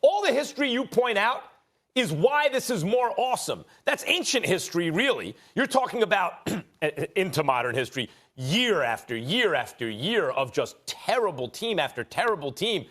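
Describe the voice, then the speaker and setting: A man making rapid-fire, argumentative rebuttals as a host on a televised sports debate show. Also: high voice, big pitch swings, fairly bright tone. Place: TV studio.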